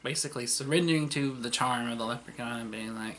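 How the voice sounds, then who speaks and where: A man's voice: mid-range voice, fast, fairly bright tone, a little hiss or hum. A man casually retelling the plot of an old TV series in a rambling way, with lots of fillers and laughter. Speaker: vlogger.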